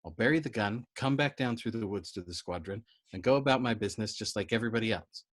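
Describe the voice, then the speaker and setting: A man voicing a frantic, agitated young male bomber pilot who blurts out loud, excitable outbursts in a storybook reading. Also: lowish voice, quick pace, natural voice. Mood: scheming.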